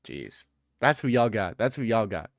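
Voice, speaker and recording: A man's voice: on the low side, very animated, moderate pace, no room sound. A man streaming live and answering chat in a sarcastic, mocking way. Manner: sarcastic, mocking, jumps into put-on voices. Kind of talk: casual livestream chat.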